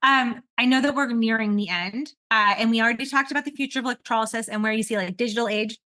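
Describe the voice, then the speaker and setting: Brief: woman podcast host, bright and a little high, talks in loose rambling chat with lots of laughs. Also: quick pace, no room sound. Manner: rambling and animated, with frequent laughter. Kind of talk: casual conversational podcast chat.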